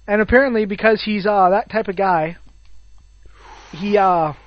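A man's voice: high voice, moderate pace. A young man in casual chat, telling crude stories and laughing often. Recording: dull lo-fi sound, dry.

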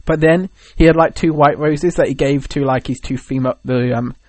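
A man's voice: a little high, moderate pace, a little mellow, no room sound, low-quality recording. A man in casual chat, animatedly retelling events with many fillers.

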